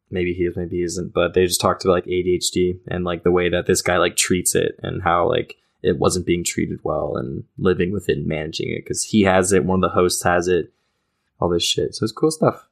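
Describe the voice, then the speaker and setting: A young man with a notably low voice co-hosts a casual podcast. He rambles loosely, laughs easily and drops a curse here and there. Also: vocal fry. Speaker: podcast co-host.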